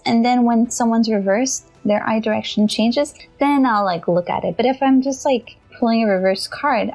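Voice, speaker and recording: A young woman walks viewers through tarot cards in a loose, giggly, talk-to-the-camera way. Her voice sits on the higher side with a gravelly fry at the ends of phrases. Faint music runs quietly underneath. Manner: chatty, giggly, animated, talks to viewers directly. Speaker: tarot reader and channel host. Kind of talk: casual tarot tutorial.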